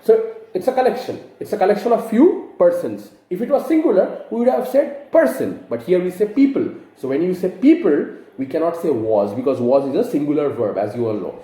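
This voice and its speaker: Male teacher, lively voice. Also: fairly high pitch, brisk, few pauses, roomy sound, low-quality recording. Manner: explains patiently, asks rhetorical questions. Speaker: English teacher. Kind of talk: grammar lesson to camera.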